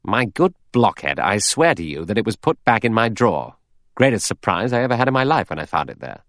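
A man voicing a cool, sardonic adventurer in an audiobook, brisk with sharp retorts. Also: on the low side, big pitch swings, dry recording, clean studio sound, voice pushed up.

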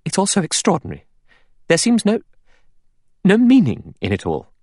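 Male reader playing a nervous young woman, high and breathless, on the edge of panic, storybook reading, dry sound. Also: big pitch swings, fairly quick, slightly rough, no room sound. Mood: anxious.

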